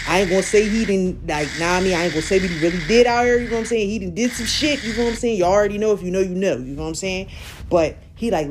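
A woman's voice: medium pitch, quick pace, slight background noise. A woman hosting a podcast in casual chat, recapping an interview in slangy talk and often checking in with her listeners. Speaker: podcast host.

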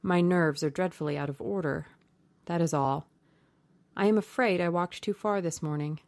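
A woman's voice: fairly low pitch, moderate pace, darkish tone, dry recording, lightly acted. A woman reading the part of a troubled young man who speaks sadly and nervously. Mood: faint, weary. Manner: weary, sad, nervous. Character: young man, anxious, haunted.

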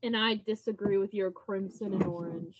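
A woman's voice: medium pitch, steady tone, normal speed, slightly rough. A woman co-hosting a podcast in casual chat, playful and easygoing. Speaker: podcast co-host. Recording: slightly muffled podcast audio.

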